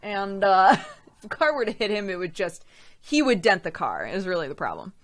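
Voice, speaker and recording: A woman's voice: mid-range voice, sing-song, moderate pace. Chatty woman streamer, laughs often. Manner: chatty, laughs often, reads out chat names. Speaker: streamer hosting a weekly chat show. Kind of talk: casual live-stream chat.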